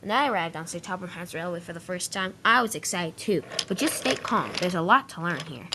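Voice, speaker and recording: A woman voicing a calm male train engine who patiently teaches a newcomer. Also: lowish voice, fairly quick, heavy background noise.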